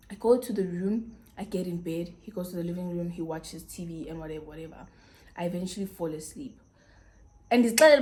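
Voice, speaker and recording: A young South African woman in her twenties telling a personal story on her vlog, acting out both sides of the conversations and dropping to a low murmur at serious moments. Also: expressive, a little fast, mellow. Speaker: YouTuber.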